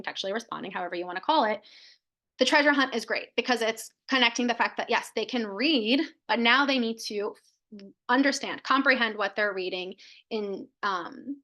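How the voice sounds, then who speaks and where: A woman's voice: mid-range voice, pushed and bright. A woman presenting a live training webinar, explaining steps and answering questions in a conversational way with frequent fillers and self-corrections.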